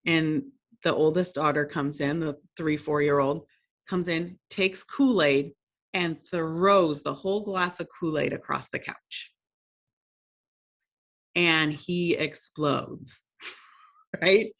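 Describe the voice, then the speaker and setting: A woman's voice: sits low, fairly bright tone. A woman presenting a workshop lesson, telling stories in a conversational, self-deprecating way and laughing often.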